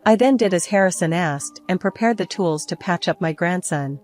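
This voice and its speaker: An older woman calmly narrating a story in the first person. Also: on the low side, moderate pace, soft background music. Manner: calm, even storytelling. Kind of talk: scripted narration.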